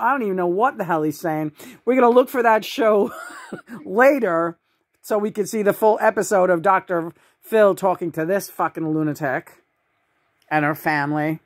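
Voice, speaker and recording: A woman hosting a casual review show, telling the story in an excitable, profane way and laughing often. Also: lowish voice, moderate pace. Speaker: host reviewing a documentary. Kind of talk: casual chat.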